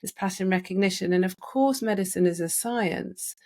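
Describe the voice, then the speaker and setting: A middle-aged woman doctor hosting a podcast interview, explaining in a measured way with frequent restarts. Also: mid-range voice, mellow. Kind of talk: interview conversation.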